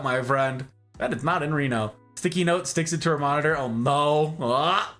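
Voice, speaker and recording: A man's voice: a little high, moderate pace, few pauses, soft background music. A man streaming a game and chatting playfully with his live chat. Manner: playful, animated, jokey banter with chat.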